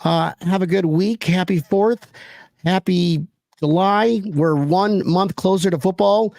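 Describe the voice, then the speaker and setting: Gravelly high-voiced man hosting a podcast. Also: slow pace, darkish tone, no room sound. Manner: loose, joking, slangy. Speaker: podcast host. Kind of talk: casual show sign-off.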